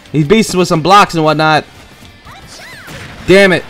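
A man giving excitable, profane gameplay commentary, trash-talking and yelling at the screen. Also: a little high, measured pace, pauses often, faint music behind. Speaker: gaming channel host.

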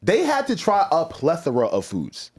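A man co-hosting a casual podcast chat, animated and laughing easily. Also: fairly high pitch, moderate pace, breathy edge. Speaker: podcast co-host.

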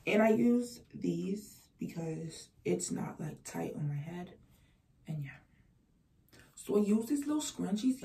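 A woman's voice: fairly low pitch, animated, slow, mellow. A teenage girl vlogging casually at home, chatty and self-mocking, often dropping to a whisper. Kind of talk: casual vlog chat.

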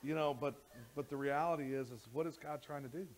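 A man preaching a sermon as pastor in a church, animated, with frequent repeated words and restarts, sometimes rising close to a shout. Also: a little high, fairly quick, a little hiss or hum, poor audio. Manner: animated, rising to near shouting when worked up.

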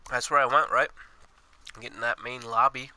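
A man's voice: medium pitch, fairly even intonation, normal speed, pushed and bright, no echo. A young man casually commenting while he plays a video game, swearing often and joking to himself. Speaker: gaming channel host. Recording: game music playing behind.

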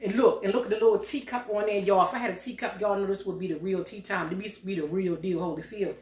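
A woman's voice: mid-range voice, fairly even intonation, quick pace, a little mellow. Woman, middle-aged, folksy casual chat, echoey room, distant mic. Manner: chatty, folksy, talks straight to the viewers. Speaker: lifestyle vlogger. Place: home kitchen.

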